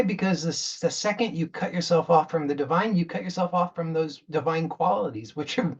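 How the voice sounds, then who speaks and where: Husky guy doing an earnest spiritual coaching talk, keeps repeating himself, kinda muffled audio. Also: on the high side. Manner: earnest, repeats words and restarts while telling a parable.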